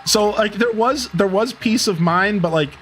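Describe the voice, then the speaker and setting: A man livestreaming and chatting casually with his viewers, telling a rambling, animated story full of filler words. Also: high-pitched, moderate pace, soft background music. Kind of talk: casual chat with stream viewers.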